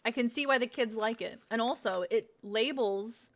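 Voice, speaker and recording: A woman's voice: a little high, moderate pace, few pauses. A young woman streaming, chatting casually and swearing a lot while she tastes snacks. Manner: chatty, swearing, laughing, talking while eating. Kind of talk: casual unboxing stream chat.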